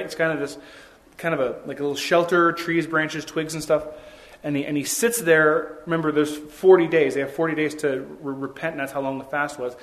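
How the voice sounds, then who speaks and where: Conversational male pastor, slightly high voice. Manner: conversational preaching with rhetorical questions. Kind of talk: sermon.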